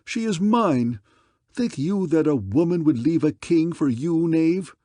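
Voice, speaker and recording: A man's voice: sits high, big pitch swings, normal speed, no room sound, voice pushed up. A man voicing a cruel, diseased old male leper king who screams in rage and pleads when threatened. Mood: frantic.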